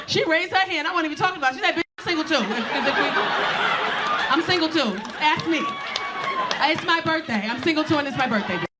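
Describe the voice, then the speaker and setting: A woman's voice: sits high, lively intonation, brisk, pauses often. Brassy comedian woman working the crowd. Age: 40s. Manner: brassy, blunt, cursing, talks straight to the audience. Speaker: stand-up comedian. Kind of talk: stand-up crowd work. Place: comedy club stage with a live audience. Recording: live club sound with crowd laughter and noise.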